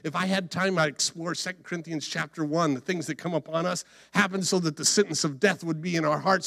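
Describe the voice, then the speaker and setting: A man's voice: on the high side, fairly even intonation, a little fast, vocal fry, few pauses, fairly bright tone, no echo, clean studio sound. A man preaching a dramatic sermon, acting out the story as he goes and humming bits of filler. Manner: dramatic, acts out the story, hums and sings filler.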